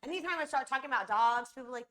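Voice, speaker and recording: A woman's voice: sits high, rapid-fire, a bit bright. A young woman from California chatting casually and rambling to her viewers on a live stream while she bakes.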